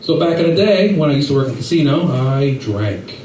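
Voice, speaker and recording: Comic man, a bit high and very lively, rambling stage bits, echoey far-off mic with light noise. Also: fairly quick. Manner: rambling, animated storytelling with silly voices. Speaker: stand-up comedian. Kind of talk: stand-up comedy set.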